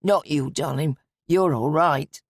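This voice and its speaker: A woman voicing a gruff, worn-out father. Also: deep voice, takes it slowly, dry recording, clean studio sound, exaggerated voice. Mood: weary, irritable. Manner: snappish, tired, mumbling. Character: weary grieving middle-aged father, curt.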